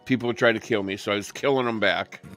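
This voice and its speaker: Male co-host, lowish voice, swears a lot, animated late-night storyteller, faint music bed. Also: fast talker. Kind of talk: late-night casual chat.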